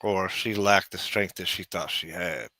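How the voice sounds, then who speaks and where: A man's voice: sits low, fairly even intonation, a little slow, bright, forceful tone, dry recording. A man in casual chat, rambling with lots of "you know" and restarts.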